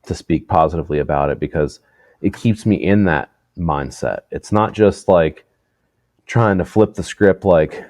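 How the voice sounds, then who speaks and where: A man's voice: low voice, normal speed, dry recording. A man co-hosting a podcast in casual chat, swearing freely and laughing as he tells stories. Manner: swears freely, laughs often, animated storytelling. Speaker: podcast co-host.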